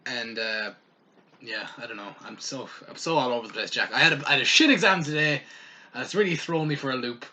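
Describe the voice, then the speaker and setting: A man's voice: mid-range voice, brisk, bright, forceful tone. A young Irish man co-hosting a casual podcast, rambling and laughing, talking while eating. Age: young adult. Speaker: podcast co-host. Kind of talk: casual chat.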